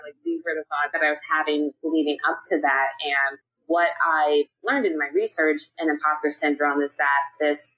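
A woman's voice: low-pitched, steady tone, normal speed, a bit bright, slightly rough, poor audio. A young adult woman, a guest on a podcast, talking in an upbeat, candid and casual way with some slang. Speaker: podcast guest, nonprofit PR professional. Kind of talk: podcast interview.

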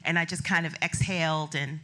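Bright-voiced woman telling a lively story. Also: deep voice, brisk. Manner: animated storyteller, acts out quotes, laughs often. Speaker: business founder telling a story on stage. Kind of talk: live stage storytelling.

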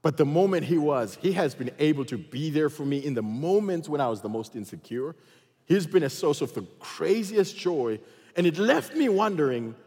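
A man pastor preaching a sermon and telling personal stories, swinging between loud bursts and quiet moments. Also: on the high side, sing-song, normal speed, breathy edge, in a large hall.

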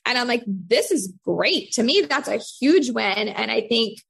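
Frank, slightly husky mom. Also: female voice, on the high side, moderate pace, a bit bright. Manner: chatty, frank, many "like" fillers. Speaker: podcast co-host and mother. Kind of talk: casual podcast conversation.

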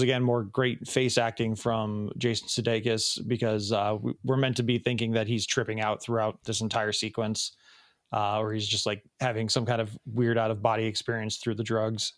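A man's voice: lowish voice, little pitch movement, a little fast, dry recording, clean studio sound. Rambling man recapping an episode. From Chicago area, USA. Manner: rambling, many ums and restarts. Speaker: podcast co-host. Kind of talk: casual recap chat.

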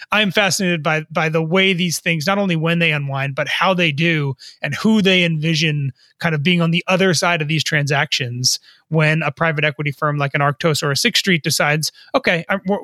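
A man's voice: high voice, sharp tone, no room sound, studio quality. A man co-hosting a sports business podcast, thinking aloud with frequent stammers and restarts. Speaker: co-host, sports business reporter. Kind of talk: podcast discussion.

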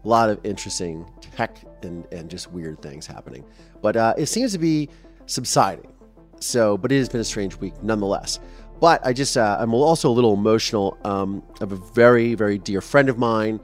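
A man with a fairly low voice hosts his own podcast in a loose, casual monologue. He rambles with plenty of fillers and sounds openly emotional. Faint music plays underneath. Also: animated, normal speed. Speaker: podcast host.

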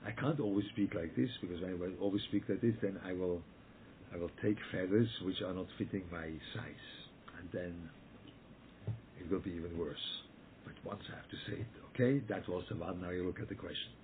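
A man with a fairly low voice teaches a Torah lesson as a rabbi, pressing each point hard and repeating himself. He keeps checking in with his listeners as he answers their questions. He comes through a thin, phone-like line with a faint hiss behind him. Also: fairly quick. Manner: emphatic, repeats words, checks in with "yeah?" and "okay?".

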